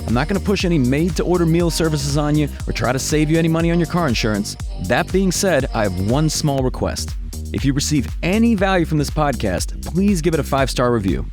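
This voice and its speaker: A man's voice: fairly high pitch, lively intonation, brisk, a little mellow, soft background music. A man hosting a podcast, reading a promotional intro and then chatting with his guest in an upbeat, friendly way. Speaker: podcast host. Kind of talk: scripted podcast intro and interview.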